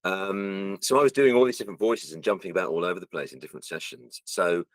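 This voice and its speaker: A man's voice: sits low, fast talker, no echo. A man and voice actor, chatting about his work and acting out lines as he talks, recorded close and dry. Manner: animated storyteller, acts out lines. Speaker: voice actor guest. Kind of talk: casual interview chat.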